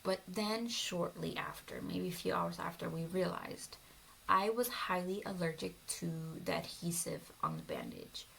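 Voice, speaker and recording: A woman's voice: fairly low pitch, big pitch swings, unhurried, vocal fry, fairly bright tone, slight background noise, rough recording. A young woman telling a personal story in a vlog, emotional and often dropping to a whisper. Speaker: vlogger.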